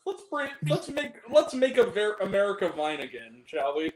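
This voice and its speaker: A man with a high, bouncing voice that swings all over as he hosts a casual stream. He riffs loudly, swears with relish and breaks into giggles. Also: big pitch swings, moderate pace, roomy sound, rough recording. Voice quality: crude, loud, giggly banter. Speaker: host. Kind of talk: casual profane chat.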